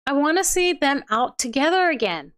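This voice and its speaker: A woman's voice: high-pitched, very animated, normal speed, a bit bright. A young woman hosting a livestream, reading out viewer comments in a chatty way and laughing often. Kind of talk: casual chat.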